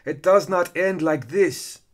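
A man voicing a furious fiery female angel warrior, booming and commanding with slow, drawn-out words. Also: lively intonation, lightly acted. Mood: enraged. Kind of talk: audiobook character voice.

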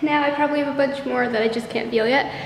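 A woman's voice: high-pitched, fairly even intonation, fast, a little hiss or hum. A young woman vlogging outdoors in the woods, out of breath and chatting in a rambling way about her dance shoot. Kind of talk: casual vlog chat.

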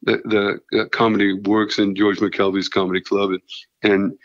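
A middle-aged man telling stories in casual chat, halting and full of restarts, with a self-deprecating manner. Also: on the low side, little pitch movement, no room sound. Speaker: guest comedian and veterinarian. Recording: dull lo-fi sound.

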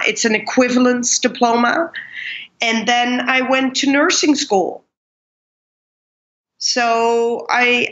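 Slow, bright-voiced woman. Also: on the high side. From Pakistan. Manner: animated, acts out quoted people, laughs often. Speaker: guest, keynote speaker. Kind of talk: storytelling in casual interview. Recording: dull lo-fi recording.

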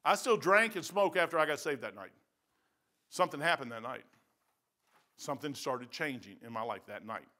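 A man's voice: mid-range voice, lively intonation, moderate pace, long pauses, bright, forceful tone. A man in his sixties, a pastor with a Midwestern American accent, preaching a sermon in a folksy, emphatic way that repeats phrases for stress.

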